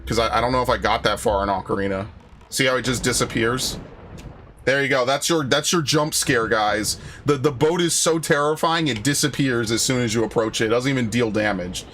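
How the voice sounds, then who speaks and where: A man's voice: mid-range voice, brisk, a bit bright, slight background noise. A young man streaming a video game, chatting casually, rambling and sarcastic, swearing often and telling anecdotes. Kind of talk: casual gaming commentary. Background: faint game music.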